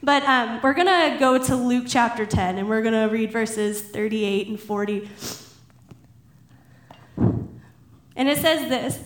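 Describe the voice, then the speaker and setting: Chatty high-voiced woman preaching. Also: takes it slowly, pauses often, roomy sound. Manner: chatty, laughing, acts out Bible figures in animated voices. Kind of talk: casual sermon.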